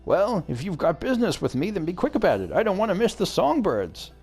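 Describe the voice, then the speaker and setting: Old master, hearty and vain, man's put-on old geezer voice, higher, lively. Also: brisk, husky, soft background music, full character voice. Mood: gruff. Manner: hearty, self-satisfied.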